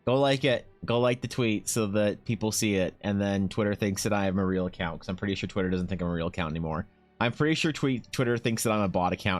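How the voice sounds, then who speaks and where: Rambling, profane man chatting on stream. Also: low-pitched. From Canada. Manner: rambling, profane, animated asides. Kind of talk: casual live-stream chat.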